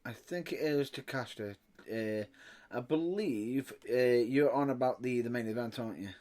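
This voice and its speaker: A man's voice: medium pitch, normal speed, a little mellow. A British man chatting casually as a podcast co-host, laid-back, with dry remarks. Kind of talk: casual chat.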